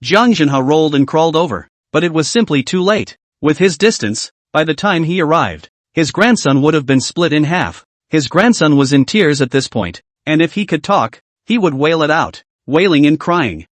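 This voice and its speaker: A man's voice: fairly high pitch, lively intonation, moderate pace, few pauses, no echo. A man narrating a dramatic story recap in a scripted way.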